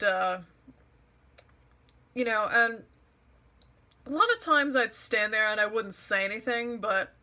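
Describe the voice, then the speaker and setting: A woman's voice: medium pitch, sharp tone. A young woman telling a personal story to camera in an exasperated, sarcastic rant. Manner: exasperated, sarcastic, mocks others' words. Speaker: vlogger.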